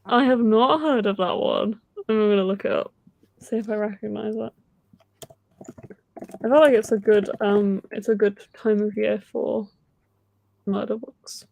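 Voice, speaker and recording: A woman hosting a casual reading stream, talking in a chatty, excitable way with frequent giggles. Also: mid-range voice, measured pace, vocal fry, pauses often. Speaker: host of a reading sprint stream. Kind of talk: casual livestream chat.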